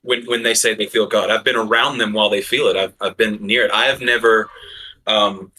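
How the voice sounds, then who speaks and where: Man, panelist, live debate chat, casual and earnest, lowish voice, bright tone. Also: flat delivery, brisk, a little hiss or hum, rough recording. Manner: casual, joking, then earnest.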